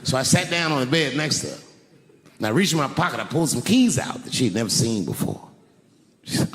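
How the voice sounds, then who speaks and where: A man doing a stand-up routine on a theater stage with a handheld mic, swinging from high incredulous outbursts to low, hushed storytelling. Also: big pitch swings, brisk, creaky. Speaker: stand-up comedian. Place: large theater stage with a live audience. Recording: live hall reverb, audience noise.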